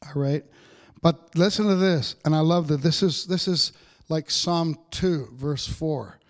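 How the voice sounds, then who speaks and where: Male pastor, slightly high voice, hint, chatty sermon delivery with "all right" asides. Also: measured pace. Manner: conversational preaching, frequent "all right" checks with the congregation.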